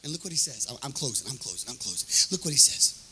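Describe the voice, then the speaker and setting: A man preaching a sermon in a sing-song, chanting cadence, acting out voices from scripture and breaking into shouts. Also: mid-range voice, very animated, fast, slight background noise, low-quality recording. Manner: acts out biblical voices in quotes. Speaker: pastor.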